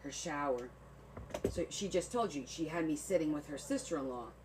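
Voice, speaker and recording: A woman's voice: low voice, lively intonation, moderate pace, background noise. A woman hosting a crafting livestream, telling stories in casual chat and laughing often. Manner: chatty storytelling, laughs often.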